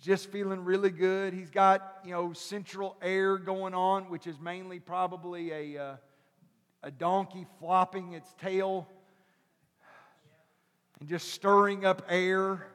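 A male pastor preaching a sermon, telling a story animatedly and acting out the characters before building to loud preaching. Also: high voice, level tone, takes it slowly. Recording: long hall reverb.

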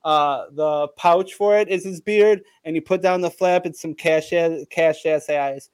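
A man's voice: on the high side, fairly even intonation, a little slow, clear, resonant tone, no room sound. A man in casual comedic chat, rambling through a made-up story with lots of swearing and hype. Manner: rambling, profane, hyped storytelling.

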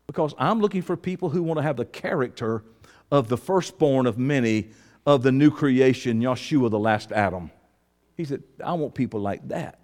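A man preaching a sermon to his congregation with a Southern Georgia accent, folksy and calling out to the room. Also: sits high. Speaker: pastor. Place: church hall. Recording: preaching in a reverberant hall.

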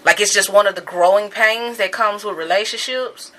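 A woman's voice: mid-range voice, normal speed, fairly bright tone. A woman co-hosting a casual podcast chat, playful and emphatic with a sassy edge. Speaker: podcast co-host.

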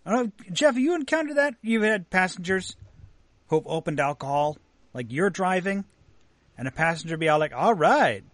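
A man's voice: high-pitched, lively intonation, normal speed, a bit bright, dry recording. A man hosting a talk show, reading out news items and then chatting loosely.

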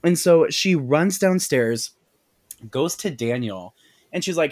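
Man recapping a movie, profane and animated. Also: on the high side, takes it slowly. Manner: animated, profane storytelling with many "like"s. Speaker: podcast host.

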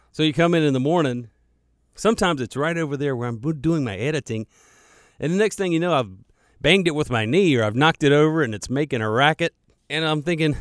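A man's voice: mid-range voice, no room sound. A man producing a radio show, chatting casually and digressing as he records a podcast alone in the studio. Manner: chatty, digressive, self-deprecating, repeats words. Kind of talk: rambling casual monologue. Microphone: studio microphone.

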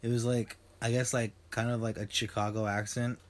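A man's voice: medium pitch, flat delivery, moderate pace. A young man hosting a podcast in casual chat, rambling and joking, swearing often and trailing off into fillers. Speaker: podcast host.

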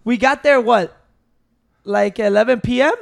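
Guy on a podcast, really high voice with a gravelly rasp, swearing and ranting about fishing trips. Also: measured pace. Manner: animated storytelling, heavy swearing, code-switching. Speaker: podcast co-host. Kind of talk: casual banter.

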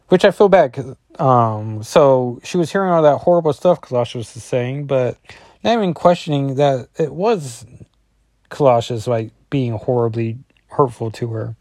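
A man's voice: medium pitch, moderate pace, warm tone, no room sound, clean studio sound. Chatty man recapping a comic. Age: 40s. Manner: rambling, with fillers and asides. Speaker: comic book reviewer.

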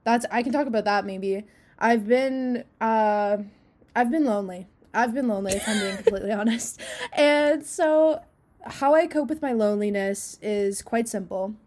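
A woman's voice: a little high, moderate pace, a little mellow. Giggly tipsy young woman podcaster. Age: young adult. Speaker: podcast co-host. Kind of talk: casual chat.

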